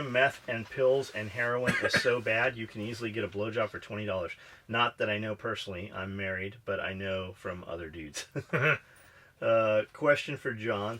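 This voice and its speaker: A man co-hosting a loose podcast, his voice bright and tense. He swears freely and jokes while reading out listener comments. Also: fairly low pitch. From Pennsylvania. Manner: profane, joking, reads listener comments. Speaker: podcast co-host. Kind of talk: casual chat.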